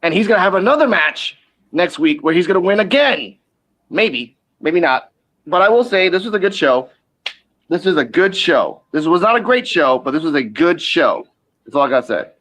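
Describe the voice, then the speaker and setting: A man co-hosting a casual wrestling podcast, who gives quick rundowns with sudden excited outbursts. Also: on the high side. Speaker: podcast co-host.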